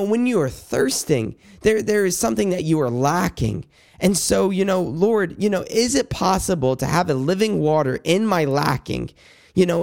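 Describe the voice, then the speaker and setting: A man talks through a personal Bible devotional, earnest and halting, often restarting his sentences. His voice sits a little high and carries a gravelly edge. He turns now and then to speak directly to God. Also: darkish tone. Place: indoors at night.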